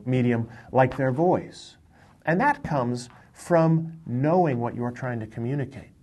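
A man's voice: mid-range voice, a little mellow. A man, a professor who is a guest on a radio show, explaining his research thoughtfully with everyday examples. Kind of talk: explanatory interview talk. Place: in Chicago.

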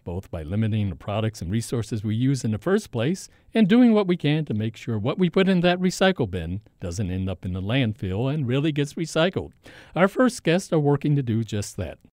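A man's voice: medium pitch, a little mellow, no room sound. A man hosting a radio interview show from a studio, talking in a conversational way and laughing easily. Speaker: radio talk show host. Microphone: studio microphone.

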